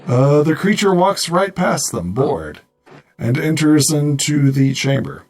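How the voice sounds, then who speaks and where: A man's voice: on the high side, very animated, measured pace, darkish tone. A man narrating a tabletop game as game master, hesitant and full of fillers.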